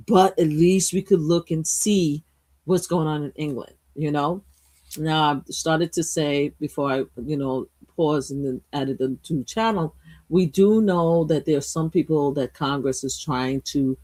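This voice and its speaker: Animated, blunt Brooklyn woman streamer. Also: deep voice. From Brooklyn, USA. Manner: animated, emphatic, swings between loud outbursts and quiet asides; blunt, profane. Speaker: livestream host. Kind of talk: casual political commentary livestream. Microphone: streaming mic.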